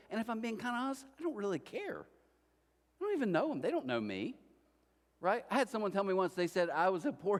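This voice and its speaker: A middle-aged man preaching a sermon as pastor, telling humorous stories and speaking directly to the congregation. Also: high-pitched. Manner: lively humorous storytelling, addresses the congregation directly. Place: church auditorium. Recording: reverberant church hall.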